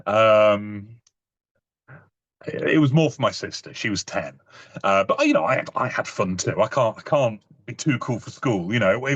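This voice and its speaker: A man's voice: mid-range voice, fairly bright tone, highs cut off. A British man in his thirties giving a casual talk, telling personal stories in a chatty way with many restarts. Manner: chatty, frequent "you know", stumbling restarts.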